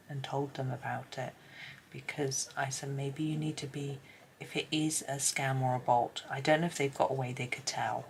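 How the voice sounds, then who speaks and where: Hoarse woman, low gravelly voice, rambling chat while colouring, slips into half-whispers; faint hiss behind. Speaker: colouring channel host.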